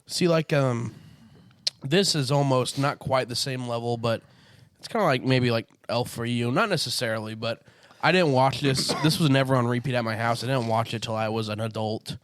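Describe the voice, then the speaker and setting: A man's voice: mid-range voice, moderate pace, no echo, clean studio sound. A man joining a podcast chat, laid-back, hesitant and joking. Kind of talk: casual chat.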